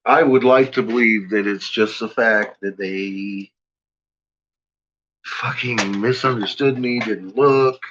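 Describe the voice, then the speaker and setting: A man's voice: on the low side, fairly bright tone. A man ranting and swearing in frustration on a casual livestream, talking to his viewers. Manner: frustrated, swearing, slow rambling talk. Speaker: livestream host. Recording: dull lo-fi sound with faint noise.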